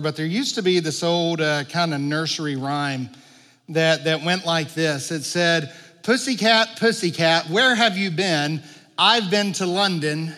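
A man preaches a sermon in a loose, conversational way and climbs into animated emphasis on his main points. His voice is bright and sits a little high. A long reverb trails his words through the sanctuary. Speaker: pastor. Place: church sanctuary.

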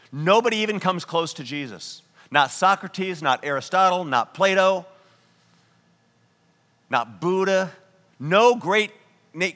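A man preaching a sermon as pastor, telling a story and slowing down to stress key words. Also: fairly high pitch, bright, forceful tone, big-room sound. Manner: earnest storytelling preaching, slows down for emphasis.

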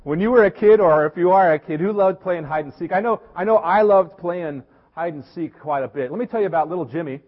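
A man's voice: high voice, a little fast. A middle-aged man from Tennessee, a pastor giving a conversational, storytelling sermon with easy fillers, recorded with dull, echoey church sound. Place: church sanctuary.

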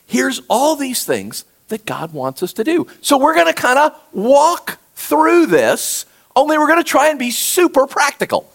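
A man preaching a conversational sermon, reading scripture aloud and talking directly to his congregation in an animated way. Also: very high-pitched, normal speed, vocal fry. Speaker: pastor.

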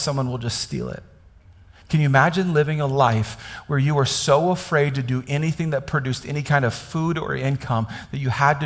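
A man's voice: medium pitch, in a large hall. A man from Kansas preaching a conversational sermon, often asking his listeners questions. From Kansas, United States. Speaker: pastor.

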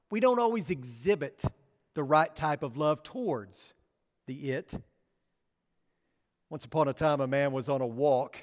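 A man preaches in a sanctuary with a long, ringing reverb. His voice sits fairly high, and he keeps asking his listeners questions, then lets the answers fall quiet and low. His delivery is an unhurried sermon. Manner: rhetorical questions, drops low and soft on key words. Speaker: pastor. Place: church sanctuary. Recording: long reverb of a church hall.

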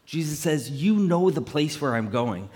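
A male pastor preaching a conversational, animated sermon, often acting out quotes in playful voices. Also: on the high side, a little slow. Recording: long hall reverb.

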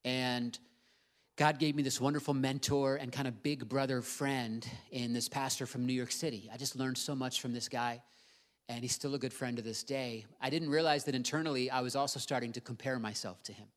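A middle-aged male pastor preaching a sermon in an earnest, emphatic way, slowing down to stress key words. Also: mid-range voice, steady tone.

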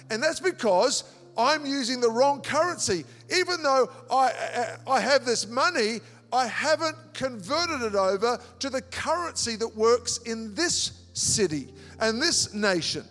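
A man from Australia preaching a sermon as pastor, animated, repeating words and acting out little dialogues. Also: extremely high pitch, unhurried. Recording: long hall reverb with music behind.

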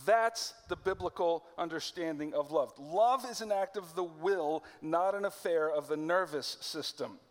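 A man from America preaching a sermon in a conversational way, slowing down to stress key phrases. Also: on the high side. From United States. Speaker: pastor. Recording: long hall reverb.

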